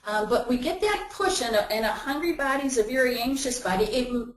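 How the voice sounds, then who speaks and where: A woman's voice: a little high, a little fast, slight background noise. A woman giving a webinar talk in a conversational way, acting out everyday inner voices as she explains. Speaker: webinar presenter. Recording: roomy echo.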